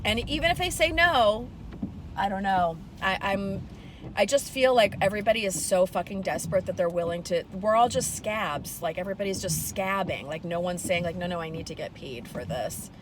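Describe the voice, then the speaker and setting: A woman's voice: mid-range voice, normal speed. A woman, a comedian and PR consultant, chatting bluntly and profanely about getting paid, recorded in a moving car. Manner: blunt and profane, animated storytelling. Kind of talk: casual chat in a car. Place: inside a car driving in a city. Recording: car and traffic noise.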